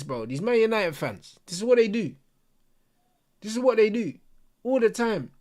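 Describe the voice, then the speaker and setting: A young man hosting a football watch-along, ranting in casual slang and swearing freely. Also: a little high. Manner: heated, slang-heavy, swearing, addresses viewers and mates.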